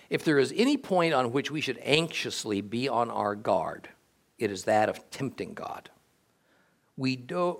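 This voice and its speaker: A man teaches from scripture in an expressive, dramatic reading voice. His pitch sits in the middle of the male range but moves widely. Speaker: Bible teacher.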